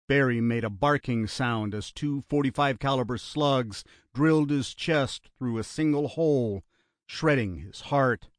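A man reads thriller narration at an unhurried pace, his tone steady and even. The recording is dry and close, with no room sound. His pitch sits in an ordinary male middle range. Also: no room sound. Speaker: audiobook narrator.

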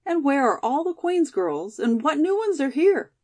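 Eager, impetuous college girl read by a woman; heartfelt, quick to feel, pitched up. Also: very animated, a little mellow. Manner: eager and emotional.

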